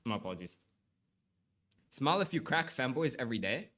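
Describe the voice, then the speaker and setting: With a medium pitch, big pitch swings, a sharp tone, and a brisk pace, a young man chats casually on his livestream and reads aloud over slight background noise. He keeps apologizing, stammering, and repeating himself, sounding a little congested from allergies.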